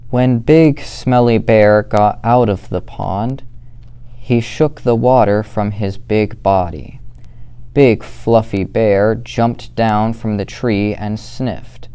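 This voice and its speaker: Slow, mellow young male story reader. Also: fairly low pitch, smooth. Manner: slow, steady, gentle reading. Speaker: student volunteer reader. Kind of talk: children's story read-aloud.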